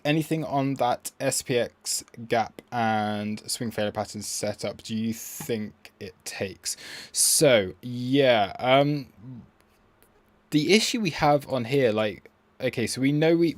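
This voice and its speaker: A man runs a trading livestream, rambling and thinking aloud as he goes through charts in a casual, self-deprecating way. His pitch is medium, and there's no room sound.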